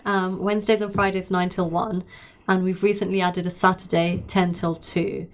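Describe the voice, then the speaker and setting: A woman's voice: lowish voice, flat delivery, moderate pace, rough recording. A woman guest on a radio show, giving plain information about a charity. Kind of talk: radio interview.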